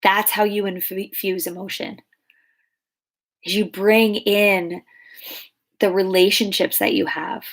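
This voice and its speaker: A woman's voice: medium pitch, level tone, a little slow, pauses often. Woman in her thirties, life coach answering client questions, chatty and loose, lots of "like" and "you know". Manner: chatty, many fillers and restarts. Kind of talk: casual Q&A coaching talk.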